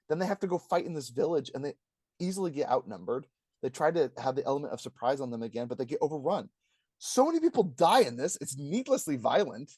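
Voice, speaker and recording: A man on a podcast, talking fast and excitedly as he rants, jumping into a higher voice when he mimics people. His voice sits a little high for a man. The close mic sounds dry, with no room echo. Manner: animated, ranting, acts out quotes in a high voice. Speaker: podcast co-host. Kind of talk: casual review chat.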